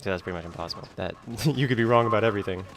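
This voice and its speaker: A man's voice: lowish voice, rapid-fire, a little hiss or hum. A man talking in a rambling vlog monologue, full of fillers like "like" and "you know". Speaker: video creator being reacted to.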